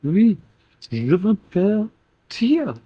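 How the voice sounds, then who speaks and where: A man channeling a playful, teasing female spirit in a slow, halting way, in a channeling session. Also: sits high, big pitch swings, no room sound, full character voice. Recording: dull dry lo-fi recording.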